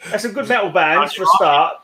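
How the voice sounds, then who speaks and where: A man's voice: high-pitched, fairly quick, a crowd in the background. A man hosting a casual podcast video call, chatting loosely, rambling and swearing now and then. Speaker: podcast host.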